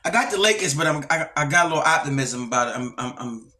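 A man's voice: fairly high pitch, expressive, quick pace, bright, forceful tone. A man co-hosting a podcast, talking loosely in a laid-back, rambling way that trails off and restarts. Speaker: podcast co-host. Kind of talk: casual chat.

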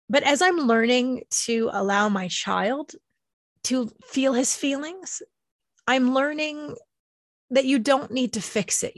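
Gentle, emotional woman speaking slowly. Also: on the high side, dry recording, studio quality. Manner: gentle, slow and tender, pausing often. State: emotional, near tears. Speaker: speaker sharing personal healing. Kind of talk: reflective personal talk.

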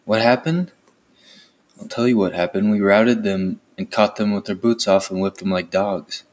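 A man voicing a boastful older villager, gloating and a little raised, with a low voice underneath. He sounds like a storybook reader giving the old man some swagger. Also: normal speed, natural voice.

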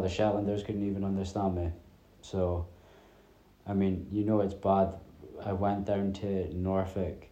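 Low and mellow, this north-east Scottish man in his thirties drops his Ts while hosting a laid-back solo podcast. He rambles through chatty stories packed with fillers, and the audio has a roomy quality.

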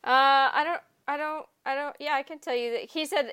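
A woman with a somewhat high voice hosts a relaxed podcast chat. She sounds bubbly and laughs easily as she talks with her guest. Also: moderate pace, hardly any pauses. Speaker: podcast host. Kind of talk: casual chat.

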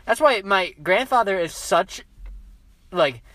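Teen podcast co-host, excitable chatter, high voice that leaps around. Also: male voice, slow, no room sound. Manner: excitable, bursts into high shouts when quoting himself. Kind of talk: casual chat.

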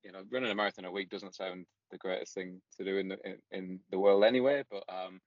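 A man's voice: low-pitched, steady tone, fast talker, no room sound. A man guesting on a comedy podcast, dry and wry. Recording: dry dull lo-fi sound.

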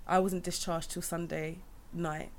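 A woman's voice: fairly low pitch, flat delivery, measured pace, slight background noise. A young woman chatting candidly, rambling with many restarts. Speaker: guest sharing her birth story. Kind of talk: casual chat.

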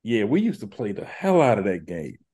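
A man's voice: lowish voice, wildly swooping pitch, moderate pace, warm tone, slightly rough. A man hosting a podcast, chatting in a laid-back, slangy, rambling way. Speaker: podcast host. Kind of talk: casual chat.

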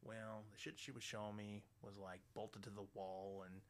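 A middle-aged man hosting a radio show, ranting bluntly and swearing constantly, loud and animated. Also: lowish voice, moderate pace. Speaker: radio host. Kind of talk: profane ranting monologue.

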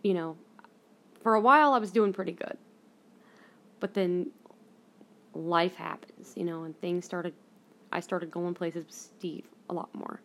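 A young woman with a somewhat low voice hosts her own podcast and tells a personal story in a loose, chatty way. She rambles, restarts sentences and leans on fillers as she goes. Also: measured pace, pauses often, a bit bright, a little hiss or hum. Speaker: podcast host.

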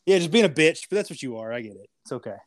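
A man's voice: fairly high pitch, lively intonation, racing. A man co-hosting a casual podcast, ranting and joking with lots of swearing and mock insults. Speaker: podcast co-host.

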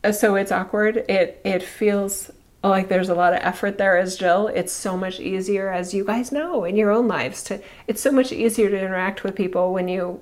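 A woman in her forties talking to her viewers in a reflective monologue, candid and chatty, laughing often and acting out what people said. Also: medium pitch. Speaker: video host.

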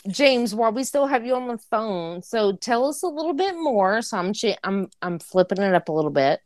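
A woman's voice: on the high side, very animated, moderate pace, no echo, studio quality. A woman co-hosting a horror podcast, telling stories in a brash, profane, laughing way. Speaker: podcast co-host. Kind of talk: casual chat.

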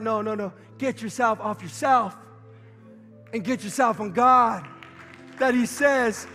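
A male pastor preaching a sermon with impassioned, shouting delivery, losing his voice. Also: very high-pitched, takes it slowly, pauses often, big-room sound, faint music behind.

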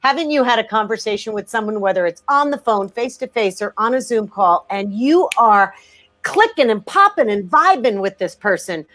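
A woman talking in a podcast interview, emphatic and energetic, often restarting her sentences. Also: fairly high pitch, moderate pace. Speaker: guest.

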